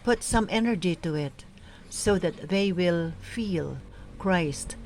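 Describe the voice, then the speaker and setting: Slow, measured woman reading scripture. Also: on the low side, animated, darkish tone, slight background noise, rough recording. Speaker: lector coach. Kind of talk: scripture reading and proclamation tips.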